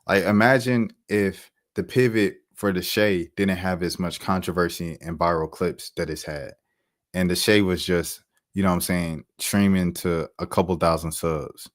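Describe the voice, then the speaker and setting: Deep-voiced man, casual commentary. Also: normal speed, dry recording, studio quality. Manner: animated, repetitive, conversational. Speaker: commentary channel host.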